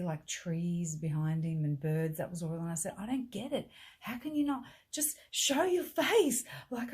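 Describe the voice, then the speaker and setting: Husky, mellow-voiced middle-aged woman. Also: lowish voice. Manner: halting, full of restarts and quoted dialogue, drops to whispers. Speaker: vlogger telling her own story. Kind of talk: casual storytelling.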